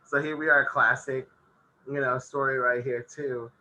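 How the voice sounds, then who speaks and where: A man's voice: medium pitch, little pitch movement, a little slow, bright, forceful tone, low-quality recording. A man co-hosting a casual podcast, recapping a show episode and laughing often as he talks. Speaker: podcast co-host.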